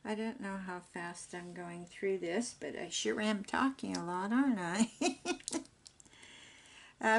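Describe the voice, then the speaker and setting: A woman's voice: mid-range voice, slight background noise. An older woman chatting in a rambling, homey way while she works on a craft project. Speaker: craft vlogger.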